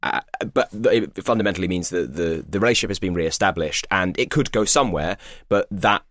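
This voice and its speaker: A man with a slight lisp co-hosts a podcast and reads listener questions in casual chat. His voice is bright and forward. The recording is dry and close. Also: sits low, a little fast, dry recording. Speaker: podcast co-host.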